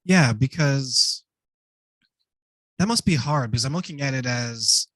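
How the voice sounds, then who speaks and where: A man's voice: medium pitch, lively intonation, measured pace, a bit bright, no room sound, low-quality recording. A male host asking questions in an interview, thoughtfully summing up and checking what he understood. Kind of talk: conversational interview.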